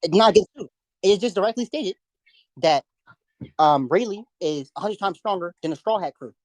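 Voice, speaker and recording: A man's voice: sits high, lively intonation, a little fast, no room sound, poor audio. A young man arguing insistently in an online debate over a voice call, lecturing and repeating his points.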